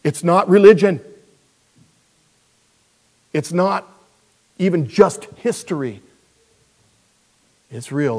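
A male pastor giving a verse-by-verse Bible teaching in a conversational, animated way, with joking asides. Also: a little high, slow, long pauses.

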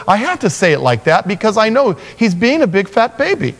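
Lively storytelling pastor in a reverberant hall. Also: male voice, sits high, brisk. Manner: animated storytelling, acting out biblical figures in voices. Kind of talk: sermon.

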